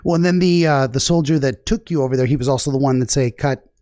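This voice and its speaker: A man hosting an interview about a dream, asking calm, careful follow-up questions. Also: medium pitch, fast, no echo, studio quality.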